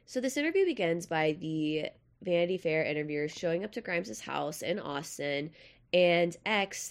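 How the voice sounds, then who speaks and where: A woman's voice: lowish voice, animated, normal speed. A young woman hosting a podcast in casual, chatty, self-deprecating talk, with a nasal voice. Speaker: podcast host.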